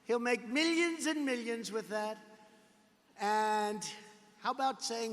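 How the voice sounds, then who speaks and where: At a rally in a large arena, a man delivers a political speech slowly in a very high, slightly bright voice, pausing often. He is emphatic and repetitive, throwing in sarcastic asides, and the space gives his words a long reverb.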